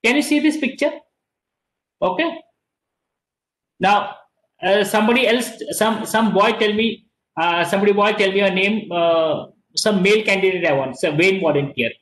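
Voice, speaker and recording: A man's voice: sits high, moderate pace, a bit bright, reverberant, poor audio. A middle-aged man with an Indian English accent teaching an online class, repeating and stressing key words and slipping into Hindi.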